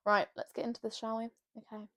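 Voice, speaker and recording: A woman's voice: on the high side, little pitch movement, fast talker, pushed and bright. A young woman, chatting to camera from her bed in a bubbly, rambling, self-mocking way. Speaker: vlogger. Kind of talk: casual chat to camera. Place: bedroom, sitting on her bed.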